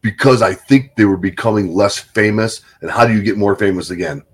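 A man in casual chat, telling profane, animated stories with lots of swearing. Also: fairly low pitch, a little fast, breathy edge.

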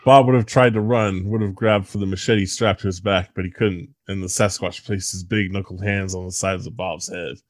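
A man reading a story aloud in a deadpan, mock-serious comic style. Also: low-pitched, normal speed, few pauses, no echo.

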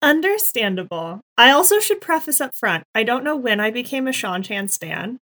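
Chatty excited woman podcast co-host. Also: fairly high pitch, moderate pace. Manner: excited, chatty, heavy on "like" fillers. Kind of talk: casual chat.

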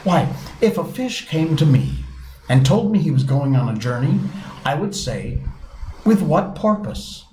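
A man voicing a melancholy, easily offended male mock turtle who speaks slowly and mournfully. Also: fairly high pitch, big pitch swings, mellow, pitched above the performer's own voice. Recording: roomy with faint hiss.

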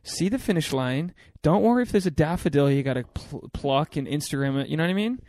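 A man's voice: on the high side, animated, fast talker, a little mellow, no echo, clean studio sound. A young man hosting a podcast, joking crudely and rambling in casual banter. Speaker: podcast host.

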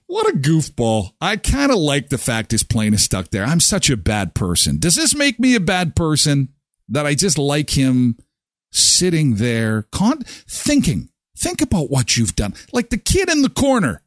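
A man's voice: on the high side, huge pitch swings, a little slow, dry recording, clean studio sound. A man hosting a morning show, commenting on news clips with joking, mocking asides. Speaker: host.

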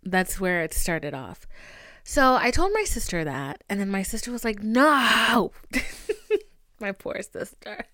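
Young female podcast host, theatrical storyteller with a lively, swinging voice and frequent laughs. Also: mid-range voice, normal speed, dry recording, clean studio sound. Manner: dramatic, gossipy, laughs often. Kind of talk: casual storytelling chat.

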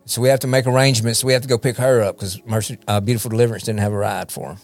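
Rapid-fire and level in tone, this man's medium-pitched voice is a little mellow. He's a recovery ministry leader relating his personal testimony as a podcast guest, rambling, repeating words, and often asking "you know what I mean?"

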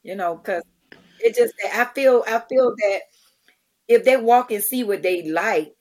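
Woman guest, middle-aged, lively storyteller who acts out each quote, casual interview chat. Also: a little high, measured pace. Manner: animated, acts out quotes, many restarts. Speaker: guest, charity founder. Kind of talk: conversational storytelling.

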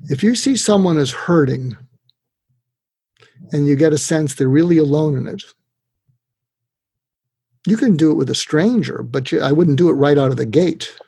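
A man, a psychiatrist guest, talking in an animated storytelling way and jumping his pitch up to act out the people he quotes. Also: measured pace, creaky, pauses often, slightly rough, no room sound. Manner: acts out quoted voices with big pitch jumps.

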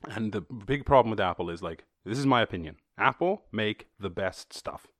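An Irish man with a lowish voice hosts a podcast and rambles through the news in a loose, swearing style. He breaks off into jokes and sarcastic little voices, recorded close and dry with no room sound. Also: lively intonation, moderate pace, no echo. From Ireland. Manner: profane, joking asides and sarcastic voices. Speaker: podcast host. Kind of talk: casual news commentary.

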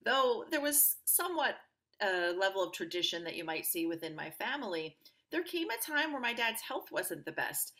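A woman guest on an interview podcast, telling personal stories in an upbeat, animated way and acting out the voices of people she quotes. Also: mid-range voice, normal speed. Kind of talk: conversational interview storytelling.

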